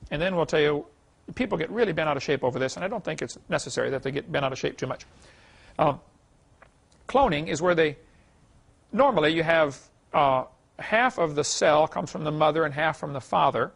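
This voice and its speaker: A man's voice: on the high side, expressive, fairly quick, gravelly, long pauses, a bit bright, husky. A middle-aged man giving a seminar lecture, folksy and chuckling at his own stories. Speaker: creation seminar speaker. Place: lecture hall.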